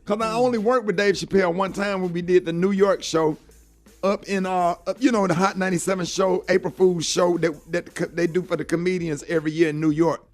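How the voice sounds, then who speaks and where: Middle-aged morning radio host, high-pitched guy, talks earnest and heartfelt, says "man" a lot. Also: steady tone, brisk, soft background music. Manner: earnest, heartfelt, fills talk with "man" and "you know". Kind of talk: storytelling on a morning show.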